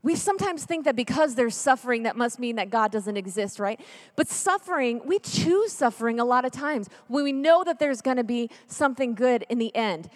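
A woman's voice: a little high, lively intonation, normal speed, few pauses. Earnest woman telling a faith story in a hall. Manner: earnest, emotional storytelling, drops to near whisper. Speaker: Catholic speaker. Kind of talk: personal testimony talk.

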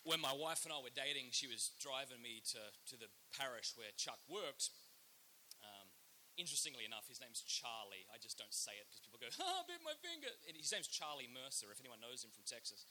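A man giving an animated storytelling talk to an audience as a Catholic speaker, sometimes dropping to a dramatic whisper. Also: mid-range voice, a little fast, a little hiss or hum, poor audio.

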